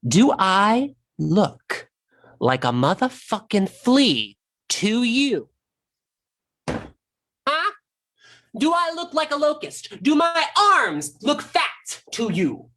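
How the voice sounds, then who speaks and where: A man's voice: extremely high pitch, sing-song, slow pace, pauses often, sharp tone, full character voice. A man in a one-man stage monologue streamed online, playing a sassy, vain, profane trapped insect who talks straight to the audience. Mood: indignant. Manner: sassy, brash, addresses the audience directly.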